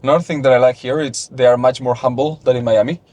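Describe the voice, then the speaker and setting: A man hosting a podcast conversation in a car, relaxed, with plenty of agreeing murmurs. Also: mid-range voice, fast talker. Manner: frequent "mm-hmm" and "yeah" backchannels, relaxed storytelling. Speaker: podcast host. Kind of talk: casual interview conversation.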